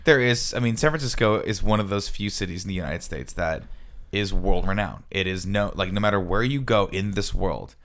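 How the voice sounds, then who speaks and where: A young man from Southern California, co-hosting a casual podcast chat in quick, chatty bursts. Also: low voice, fairly bright tone. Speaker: podcast co-host.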